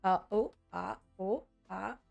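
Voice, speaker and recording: A woman's voice: medium pitch, slow, creaky, darkish tone, muffled recording, faint music behind. Chatty self-mocking woman vlogger. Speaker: vlogger sorting trading cards. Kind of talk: casual chat while working.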